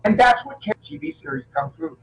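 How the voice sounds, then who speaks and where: A middle-aged man, an action film actor as a guest, telling animated anecdotes in a casual interview and often restarting his sentences. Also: very high-pitched, brisk, creaky, slight background noise, rough recording.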